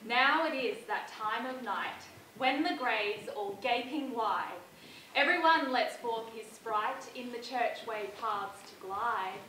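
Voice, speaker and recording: An actress playing the mischievous fairy Puck on stage, speaking verse slowly and deliberately. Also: female voice, a little high, bright, forceful tone, slight background noise. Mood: eerie. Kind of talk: stage play performance. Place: theatre stage. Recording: roomy stage sound from far off.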